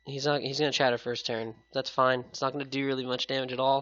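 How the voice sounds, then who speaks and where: A man talking through a competitive game match in a casual, chatty way, his voice bright and a little sick-sounding. It comes through a headset mic with a dull, lo-fi sound. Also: medium pitch, level tone, fast talker. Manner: casual, upbeat, chatty with viewers. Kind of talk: casual gameplay commentary.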